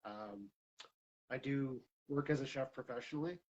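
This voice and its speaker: Man, casual guest, husky tone, soft-spoken, hesitant, dull lo-fi recording. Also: mid-range voice, normal speed. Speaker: podcast guest. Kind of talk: casual chat.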